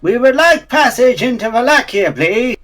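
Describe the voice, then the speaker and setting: Brief: a bright, folksy old drawler put on by a man. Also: very high-pitched, sing-song, normal speed, faint music behind, voice pushed up, heavily acted. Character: gruff old male adventurer with a drawl.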